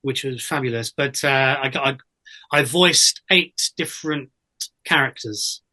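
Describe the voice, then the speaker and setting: Bright-voiced chatty actor, a man. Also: mid-range voice, a little slow. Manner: chatty storyteller with many fillers and restarts. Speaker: guest, actor and voiceover artist. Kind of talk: casual interview anecdotes.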